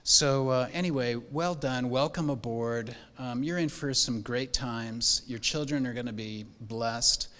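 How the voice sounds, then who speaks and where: A man's voice: medium pitch, measured pace, hardly any pauses, fairly bright tone. Older man, rambling heartfelt pastor. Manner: rambling, heartfelt, many fillers and restarts. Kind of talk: welcome speech to new parents. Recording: hall with long reverb.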